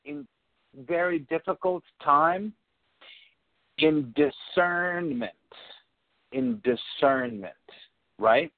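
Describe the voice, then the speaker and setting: A man giving a reflective spiritual teaching talk, speaking deliberately and repeating phrases for emphasis. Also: a little high, no room sound. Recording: narrow phone-like sound, dry.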